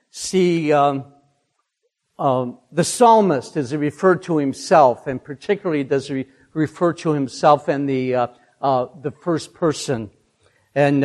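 An older man giving a devotional talk, halting with many fillers, lingering over phrases and asking listeners to repeat after him. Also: on the high side, darkish tone. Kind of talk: devotional talk with psalm reading.

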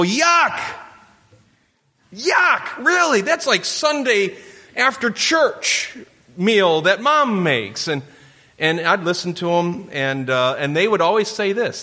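Male pastor, storytelling sermon, bright and forceful, big reverberant hall. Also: on the high side. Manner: storytelling with playful camper impressions.

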